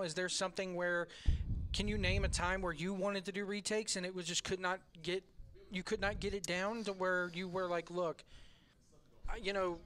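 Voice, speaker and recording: A man's voice: sits high, fairly bright tone. A man hosting a wrestling fan podcast, asking long loose questions and recapping with rambling restarts. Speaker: podcast host. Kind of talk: casual interview and recap.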